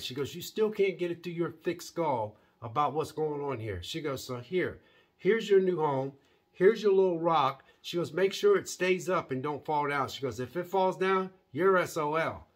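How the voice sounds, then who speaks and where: A man's voice: fairly high pitch, lively intonation, normal speed, hardly any pauses. A man recapping a TV episode in a loose, rambling way, with many restarts and fillers. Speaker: TV episode reviewer. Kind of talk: casual recap vlog.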